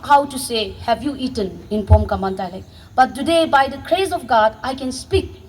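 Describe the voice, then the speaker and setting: A woman's voice: high-pitched, rough recording. A woman, addressing young viewers earnestly and passionately. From Northeast India. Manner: impassioned, exhorting, with restarts. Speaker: vlogger.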